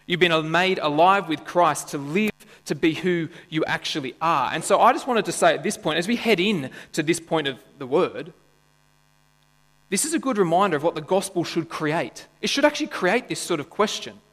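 At a normal speed, a pastor preaches expressively in a slightly high, somewhat bright voice. He keeps the congregation engaged with questions and jokes in a relaxed, playful style. The church hall gives long reverb, and mains hum is present.

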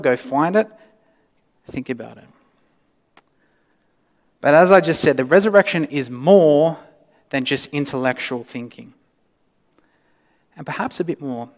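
A male pastor delivering a sermon, swinging from loud emphasis to hushed, near-whispered lines. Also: medium pitch. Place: church. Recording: long reverb of a church hall.

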